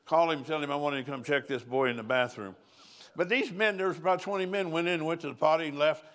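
A man's voice: fairly high pitch, fast, a bit bright. Folksy older man preaching a sermon. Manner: folksy, anecdotal, chuckles between lines. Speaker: pastor. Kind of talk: conference sermon with storytelling.

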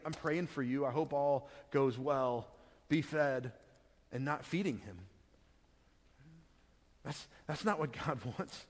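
A man preaching a sermon, reading scripture aloud and then explaining it in plain conversational words. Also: on the high side. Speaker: pastor. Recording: long hall reverb.

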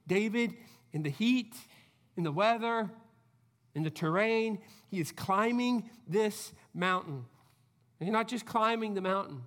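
Earnest high-voiced male preacher. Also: a bit bright, big-room sound. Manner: earnest, conversational preaching with frequent "I mean". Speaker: pastor. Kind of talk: sermon.

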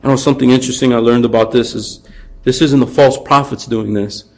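Animated male preacher. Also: medium pitch, fairly quick, poor audio. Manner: animated, acts out taunts in raised voice. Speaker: pastor. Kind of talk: sermon.

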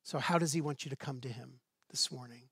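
A man's voice: medium pitch, a little fast, vocal fry, fairly bright tone, husky, no room sound, studio quality. A male pastor preaching a sermon in a conversational way, posing rhetorical questions and dropping light asides.

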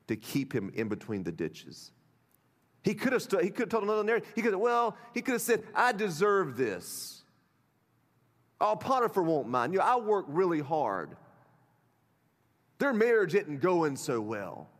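A man's voice: mid-range voice, in a large hall. A male pastor delivering a sermon in an emphatic, conversational way, speaking straight to his listeners. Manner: emphatic, conversational preaching with direct address. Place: church sanctuary.

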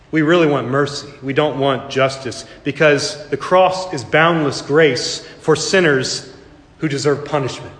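A man delivers a sermon from the pulpit, his fairly high voice carrying through a reverberant church hall. He moves between quiet, confessional stretches and impassioned, emphatic rises. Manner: impassioned, rising to emphatic peaks. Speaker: pastor. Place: church sanctuary.

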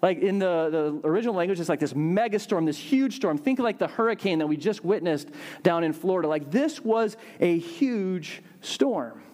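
A young adult male pastor giving a casual, animated sermon, acting out voices with big jumps in pitch. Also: moderate pace.

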